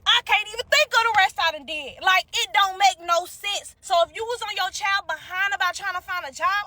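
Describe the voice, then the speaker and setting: Very high, bright-voiced agitated young woman. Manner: agitated, emphatic, plain-spoken. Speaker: job seeker. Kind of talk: casual rant to camera.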